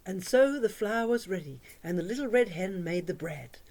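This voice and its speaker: A woman telling a children's story in an expressive, sing-song way, dropping to hushes for drama. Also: mid-range voice, moderate pace. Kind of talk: oral storytelling for young children.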